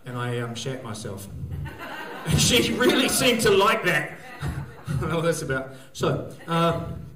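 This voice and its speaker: A man with a New Zealand accent performs a loose, rambling stand-up set, his voice sitting fairly high. He leans on fillers and bursts into shouts now and then. The sound is echoey and roomy, heard from some distance off the mic. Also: big pitch swings, measured pace. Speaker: stand-up comedian. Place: live venue stage.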